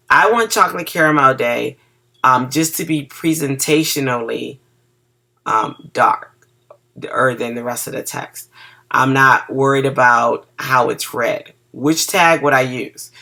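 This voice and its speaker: A casual web design teacher talks through a screen-recorded coding lesson, chatty and checking in with the class. The medium-pitched voice is gravelly yet bright and forward, and the teacher sounds a bit groggy from cough medicine, occasionally tripping over words.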